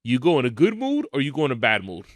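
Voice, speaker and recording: A man's voice: medium pitch, wildly swooping pitch, fast, dry recording, studio quality. A middle-aged man, a martial arts school owner telling blunt, emphatic stories in a podcast interview.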